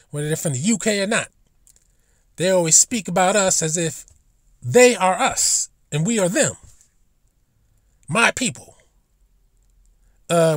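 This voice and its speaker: A man's voice: high-pitched, a bit bright, dry recording, clean studio sound. A man ranting bluntly and profanely in a casual vlog monologue, recorded in a car. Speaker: vlogger.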